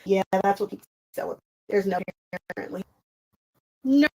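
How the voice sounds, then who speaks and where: A woman's voice: medium pitch, measured pace, a little mellow, rough recording. A woman, hosting a casual crafting livestream, chatting to viewers while she sews and laughing often.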